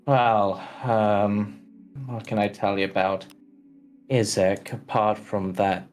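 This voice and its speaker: A man's voice: fairly low pitch, level tone, slow pace, darkish tone, faint music behind. A man voicing a cautious, polite village priest in a tabletop role-play, speaking hesitantly with many ums and restarts. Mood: earnest. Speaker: game master.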